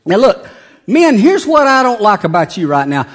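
Folksy joking preacher man, slightly high. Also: very animated, moderate pace. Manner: folksy, joking preacher with big swings in loudness. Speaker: pastor. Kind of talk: sermon.

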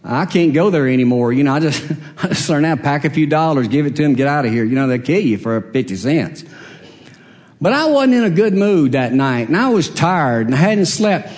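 Speaking a little fast in a fairly high, sing-song, slightly mellow voice, this Alabama pastor delivers a conversational storytelling sermon in a large hall. He's folksy and pokes fun at himself, chuckling through his personal story.

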